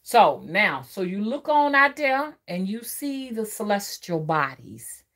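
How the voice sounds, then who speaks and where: A woman's voice: medium pitch, sing-song, takes it slowly, a bit bright. A woman, a spiritual reader giving a profane, emphatic ranting monologue and often asking the listener whether they follow. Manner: profane, preachy, emphatic, asks the listener to agree.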